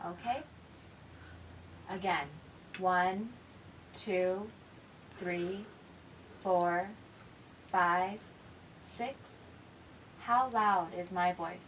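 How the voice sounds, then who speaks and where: A woman giving a hearing test, counting slowly and clearly and asking how loud her voice sounds. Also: fairly low pitch, slight background noise, low-quality recording. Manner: slow, clear counting and check questions.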